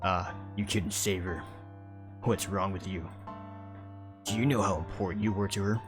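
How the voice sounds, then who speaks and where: A man voicing a cruel reflection of a young man, taunting in a calm, matter-of-fact way. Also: low voice, normal speed, over music, lightly acted. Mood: cold.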